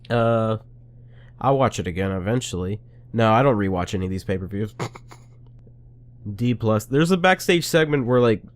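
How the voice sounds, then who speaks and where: A man giving a casual, rambling and sarcastic review rant, full of restarts. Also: mid-range voice. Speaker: wrestling reviewer.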